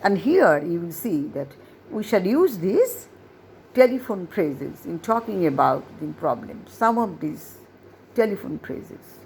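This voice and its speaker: A woman's voice: on the low side, big pitch swings, a little mellow, a little hiss or hum. A woman English teacher, explaining a lesson step by step and repeating key phrases. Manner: explains slowly, repeats phrases, asks rhetorical questions. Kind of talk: classroom-style lesson explanation.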